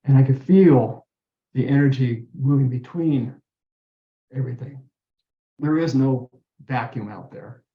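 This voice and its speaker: A man's voice: medium pitch, measured pace, pauses often. A man earnestly telling a personal story in an interview, acting out the voices he quotes. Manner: earnest, animated retelling with quoted dialogue. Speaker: guest telling his story. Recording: roomy dull-sounding recording.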